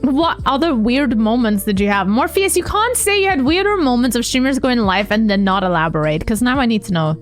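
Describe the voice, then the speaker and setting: A woman's voice: fairly high pitch, lively intonation, brisk, few pauses, soft background music. A woman streamer chatting with her viewers on a live stream, bubbly and greeting each by name.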